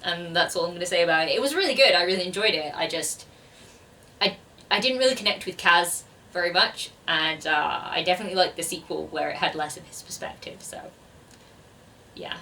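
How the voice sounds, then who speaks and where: Rambly woman vlogger going through her books, lowish bright voice, mic a bit far away. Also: lively intonation, a little fast. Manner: chatty, rambling, self-deprecating. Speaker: BookTuber. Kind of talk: casual book chat to camera.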